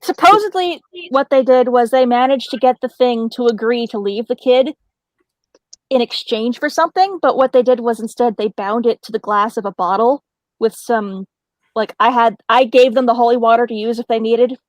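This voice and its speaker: A woman with a fairly high voice tells a spooky personal story in a loose, chatty way, breaking into laughter between lines. The sound is dry and close, with no room around her. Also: moderate pace, dry recording, rough recording. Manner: animated, laughs often mid-story. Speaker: paranormal storyteller on a group call. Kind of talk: casual storytelling chat.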